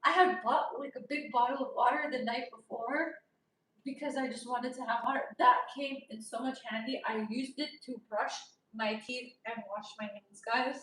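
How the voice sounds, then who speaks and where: This is a young woman vlogging in a casual storytime way, loud by nature and quick to laugh as she plays out the voices in her story. Her voice sits high and lively. It rings with heavy room echo and sounds set back from the microphone. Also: distant mic. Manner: animated, laughs often, acts out dialogue loudly. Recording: echoey room, voice from off-mic.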